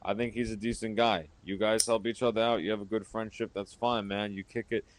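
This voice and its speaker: A low-pitched man from Florida runs a heated live-stream call with a drink in hand. He rambles, circles back, repeats himself and turns combative. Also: level tone, fairly quick, dry recording. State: drinking while talking.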